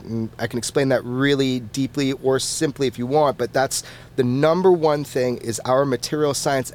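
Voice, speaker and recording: A man being interviewed as a podcast guest, who talks in an animated and casual way, swears freely and often restarts his words. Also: medium pitch, slight background noise.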